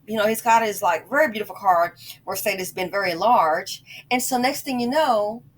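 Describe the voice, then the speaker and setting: A woman vlogger telling a rambling, excitable story in a casual monologue, full of exclamations. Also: medium pitch.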